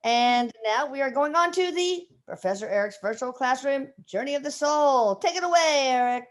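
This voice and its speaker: A woman's voice: sits high, expressive, moderate pace. A woman host in casual chat, introducing the session and adding dry, skeptical asides.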